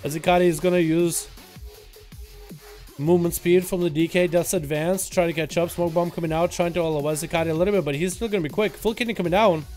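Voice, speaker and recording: A young man casting a video game duel as rapid play-by-play commentary, excitable and hype. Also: fairly high pitch, soft background music. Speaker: game caster.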